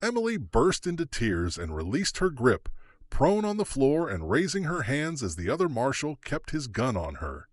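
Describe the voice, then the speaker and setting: A man's voice: medium pitch, wildly swooping pitch, normal speed, dry recording, clean studio sound. A man narrating an audiobook thriller dramatically, his pacing shifting with the action. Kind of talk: scripted narration.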